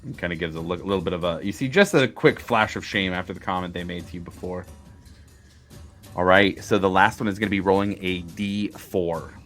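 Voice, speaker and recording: Low-voiced, hesitant man running a game. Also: a little fast, fairly bright tone, faint music behind. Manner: hesitant, full of fillers. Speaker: game master. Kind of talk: narrating a tabletop game.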